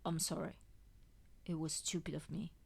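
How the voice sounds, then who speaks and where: A woman voicing a weak, wounded young man who speaks in a hoarse, soft mumble, close to a whisper. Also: sits low, flat delivery, normal speed, exaggerated voice. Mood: weak, tender.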